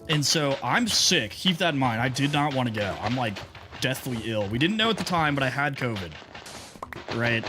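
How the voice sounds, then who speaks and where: Young male streamer, mid-pitch, chatty and rambling, music playing under him. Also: sing-song, moderate pace. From United States. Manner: chatty, rambling, greets viewers mid-story. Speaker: livestreamer. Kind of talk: casual storytelling to chat.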